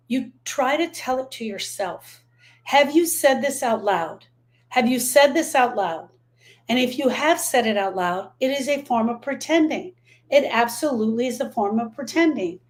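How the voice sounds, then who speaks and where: Middle-aged woman, grief-coach host on a live stream, voice on the higher side, emphatic, repeats herself for effect. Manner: emphatic, repeats key phrases, answers viewer comments. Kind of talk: live-stream talk to viewers.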